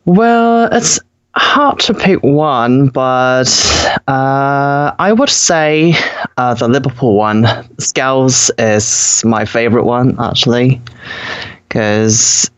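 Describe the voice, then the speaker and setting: A man's voice: mid-range voice, slow, clear, resonant tone. A young man from South Korea, a native Korean speaker, chatting as a podcast guest in a hesitant way with many fillers and frequent laughs. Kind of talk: casual podcast chat.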